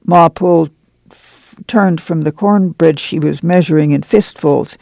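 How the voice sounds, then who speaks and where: Male narrator, measured storybook delivery, slightly high pitch with heavy fry. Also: a little mellow, no room sound. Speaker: audiobook narrator. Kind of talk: scripted narration.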